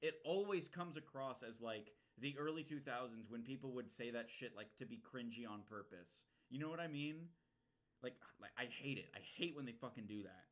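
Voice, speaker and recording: A young man talks loosely over his gameplay, swearing freely and tripping over his own words. His voice is bright and forward, sitting at a middle pitch. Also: moderate pace. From United States. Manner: profane, ranting, many fillers and restarts. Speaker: streamer. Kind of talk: casual gameplay commentary.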